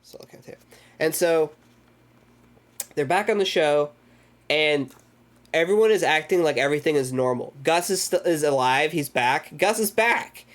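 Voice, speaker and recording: Man, slightly high voice, casual streamer, rambly and sweary, recaps a movie live. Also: lively intonation, moderate pace, pauses often, a bit bright. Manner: rambling, profane, loose retelling with acted-out quotes. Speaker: streamer hosting a movie club.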